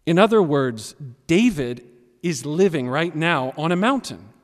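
A man preaching a sermon as pastor, animated and emphatic, swinging between loud and quiet. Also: a little high, a little slow. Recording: long reverb of a large hall.

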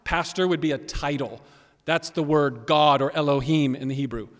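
A man preaching a sermon as pastor, animated and emphatic, swinging between loud and quiet. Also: fairly high pitch, moderate pace. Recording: long reverb of a large hall.

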